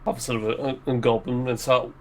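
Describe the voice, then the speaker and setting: A man's voice: mid-range voice, level tone, a little fast, vocal fry, a little mellow, rough recording. A man playing a tabletop game, rambling and hedging with lots of fillers as he describes his moves. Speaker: player. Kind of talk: casual tabletop game chat.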